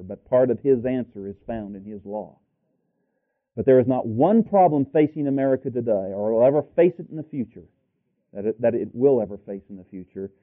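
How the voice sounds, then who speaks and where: A man preaches a sermon and presses the congregation with rhetorical question after question. His voice swells to loud, emphatic peaks. The recording is thin and tinny, like a phone line. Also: medium pitch.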